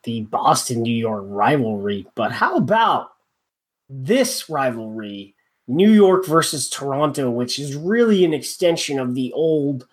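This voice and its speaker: A man's voice: mid-range voice, big pitch swings, unhurried. A man co-hosting a podcast, chatting casually in a rambling, wry way with lots of fillers. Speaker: podcast co-host.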